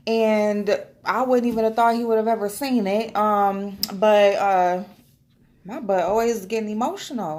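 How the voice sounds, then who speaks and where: A woman, chatting casually to her camera at home, loose and emotional, swearing freely. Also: fairly high pitch. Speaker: vlogger. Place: at home, indoors.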